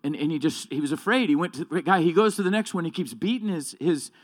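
A man's voice: fairly high pitch, lively intonation, fast. A man preaching a sermon with emphatic delivery, often repeating and correcting himself.

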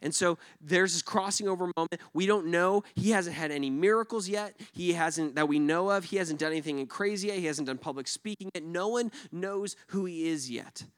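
A man preaching a sermon conversationally. He asks the congregation questions and swings between loud emphatic bursts and hushed near-whispers. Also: sits high, moderate pace, few pauses, clean tone, no echo, studio quality.

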